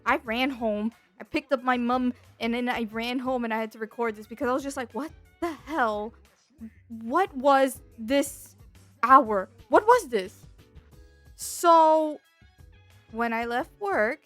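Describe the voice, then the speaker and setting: A young woman streamer telling a story in a casual chat, animated and exasperated, full of fillers and restarts. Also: on the high side, no echo. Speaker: VTuber streamer.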